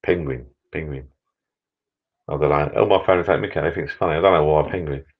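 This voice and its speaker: Man, middle-aged, very low voice, rambling jokey live-stream host, dull lo-fi sound. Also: quick pace. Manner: rambling, jokey, repeats words. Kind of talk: casual live stream chat. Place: backyard garden bar shed.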